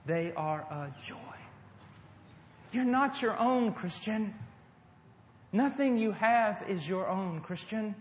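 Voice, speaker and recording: A middle-aged man from the United States preaching a sermon to a congregation, moving between loud emphasis and hushed, tender passages. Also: high-pitched, expressive, slow pace, long pauses. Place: church service before a congregation. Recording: echoey hall.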